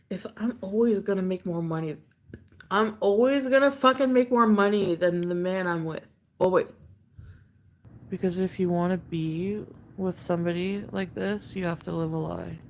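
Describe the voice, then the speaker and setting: A woman's voice: medium pitch, normal speed, darkish tone. A young woman talking on a livestream, rambling and repeating herself, swearing freely as she goes. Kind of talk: livestream chat.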